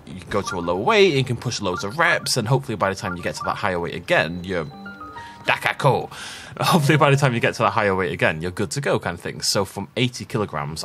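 A man chatting casually while playing a game, rambling and self-deprecating. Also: low voice. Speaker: let's play host. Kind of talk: casual gameplay commentary.

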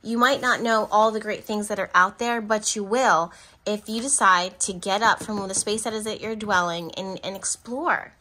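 A woman reading tarot cards for her viewers in a bright, forward tone. She chats in a loose, affectionate way, speaking right to her audience and breaking into laughs between remarks. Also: mid-range voice, moderate pace. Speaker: tarot reader. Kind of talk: pick-a-card tarot reading.

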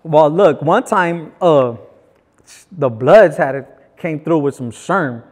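Slangy male guest, raised-pitch storyteller, acts out the dialogue himself, recorded with a long reverb. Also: slow pace. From Los Angeles. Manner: animated, slangy, acts out other people's lines. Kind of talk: casual storytelling.

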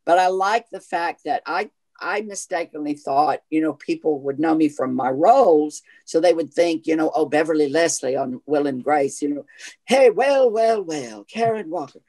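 A man's voice: a little high, normal speed. Chatty Southern man in an interview. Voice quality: self-described gay voice. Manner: chatty, animated storytelling. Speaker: actor guest. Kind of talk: casual interview chat.

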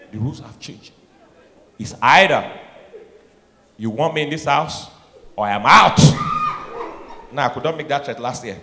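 A man from Nigeria with a Nigerian accent doing stand-up comedy, acting out voices and swinging from soft asides to shouted punchlines. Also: on the high side. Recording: echoey hall, noisy live room.

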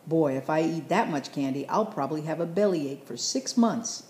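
An eager young boy speaks earnestly, as a woman reads his part. Her tone stays low and mellow. A roomy echo hangs on the recording. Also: expressive, normal speed, a little hiss or hum.

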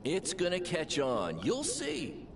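A man voicing an upbeat, scheming wrestling manager who talks in a brisk, salesy, joking way. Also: high-pitched, huge pitch swings, vocal fry, heavily acted. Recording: game audio over loud crowd.

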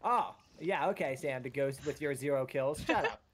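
A woman's voice: extremely low pitch, normal speed. A young woman playing a game with friends, chatting casually, swearing a lot and trading playful jabs. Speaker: teammate. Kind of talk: casual gaming chat.

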